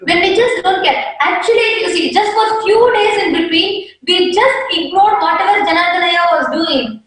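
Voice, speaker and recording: Brief: woman panelist, high voice, earnest devotional talk, distant mic, strong room echo. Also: normal speed, a bit bright.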